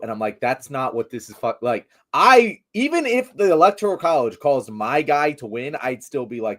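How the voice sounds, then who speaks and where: A man's voice: a little high, very animated, a little fast, hardly any pauses. Sarcastic, swearing man in political chat. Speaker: political commentator.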